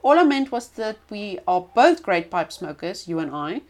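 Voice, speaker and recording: Storybook stranger, tall dark man, soothing and sly; woman reader doing the voice. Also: medium pitch, very animated, normal speed, lightly acted. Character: tall dark mysterious male stranger, smooth-talking.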